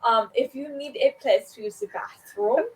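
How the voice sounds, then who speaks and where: A woman's voice: high voice, normal speed, recorded from a distance, a little hiss or hum, close to an everyday voice, rough recording. A woman voicing a theatrical male vampire boss who is glittery and eager, with a wobbling put-on accent. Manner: unsure wobbling accent, giggly.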